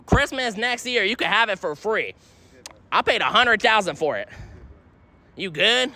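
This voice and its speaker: A young man livestreaming while walking a city street, rambling, swearing constantly, and pitching strangers. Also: animated, a little slow, pauses often, bright, forceful tone. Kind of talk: live street streaming.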